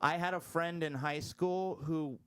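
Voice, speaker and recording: A man's voice: on the high side, steady tone, measured pace, crowd noise. A man bantering crudely and telling stories as a guest on a casual studio podcast. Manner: crude, joking storyteller.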